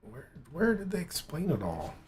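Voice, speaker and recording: A man hosting a stream, chatting casually and rambling in a relaxed, giggly way as he reacts to clips. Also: fairly high pitch, moderate pace, a little hiss or hum. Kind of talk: casual live-stream chat.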